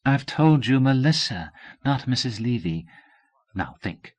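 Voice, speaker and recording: A man reading a novel aloud, voicing a patient female speech teacher in a brisk, coaxing way. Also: medium pitch, sing-song. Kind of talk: audiobook character voice.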